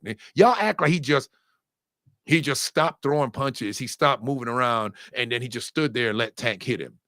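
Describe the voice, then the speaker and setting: Lively, joking man giving boxing opinions. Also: medium pitch, a little fast, gravelly, no room sound, studio quality. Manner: animated, profane and joking, with sudden loud outbursts. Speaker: boxing commentator. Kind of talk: casual opinionated commentary.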